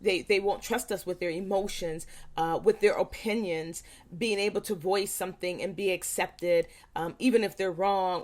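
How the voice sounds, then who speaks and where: A woman parent educator speaking earnestly to parents, stressing points by repeating them and acting out quick quoted lines. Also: lowish voice. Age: young adult. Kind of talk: talking to parents.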